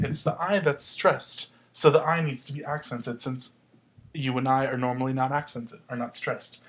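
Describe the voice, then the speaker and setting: A man's voice: a little high, fairly bright tone, a little hiss or hum. A man teaching a recorded grammar lesson, explaining step by step and checking in with the viewer as he goes. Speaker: Spanish teacher.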